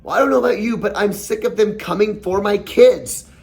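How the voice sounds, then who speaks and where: A man's voice: sits high, a little fast, a little mellow. A man hosting his own podcast, delivering an impassioned commentary monologue full of rhetorical questions and mocking quotes. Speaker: podcast host.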